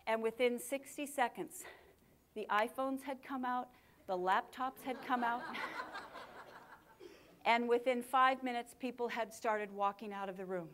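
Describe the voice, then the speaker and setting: A woman giving a live workshop talk to an audience, with an energetic, punchy delivery and dramatic pauses. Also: sits high. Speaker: communication speaker.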